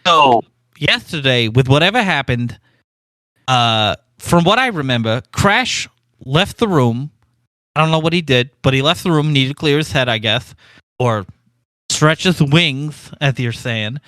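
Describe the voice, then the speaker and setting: A man's voice: mid-range voice, animated, unhurried, pushed and bright, no echo, clean studio sound. A man playing a tabletop role-playing game, talking in character in an earnest, rambling way. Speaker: player.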